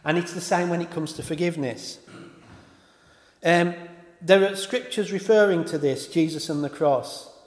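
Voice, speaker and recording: A man's voice: a little high, moderate pace. A man preaching a sermon in an informal way, often stopping to correct himself and apologise. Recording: echoey hall with long reverb.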